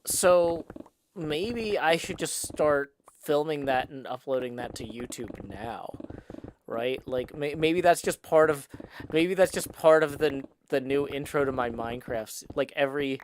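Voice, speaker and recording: A middle-aged man chats casually on a live stream from his apartment room, rambling and poking fun at himself as he reads chat aloud into a desk microphone. His voice is a little high and measured, with a slight hiss or hum in the audio.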